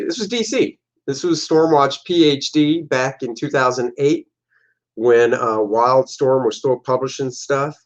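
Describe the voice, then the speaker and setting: A man's voice: medium pitch, lo-fi sound. A man, a comic artist, casually talking through his own old artwork, joking and making silly sound effects. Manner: jokey, playful, makes silly sound effects.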